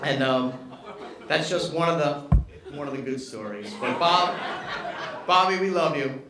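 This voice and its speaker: Animated man telling roast stories. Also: fairly high pitch, measured pace, far from the mic, crowd noise. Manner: animated, acts out quotes. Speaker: roast speaker, former assistant. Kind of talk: comic roast storytelling. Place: retirement party at a golf club. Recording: echoey room with background noise.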